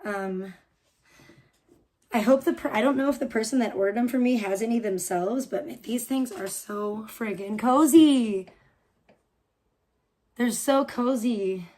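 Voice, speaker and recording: A woman from Chicago with a Chicago accent softened by years on the West Coast, streaming live in a casual, rambling chat and often breaking off mid-sentence. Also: fairly high pitch, unhurried, pauses often. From Chicago, USA. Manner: reacts aloud to small mishaps. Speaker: livestreamer.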